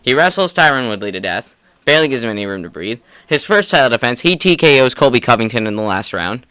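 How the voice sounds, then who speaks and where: Casting: young male podcast co-host, excitable and profane, clear bright tone. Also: medium pitch, fast, no room sound. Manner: excitable, profane, laughs often. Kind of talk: casual sports chat.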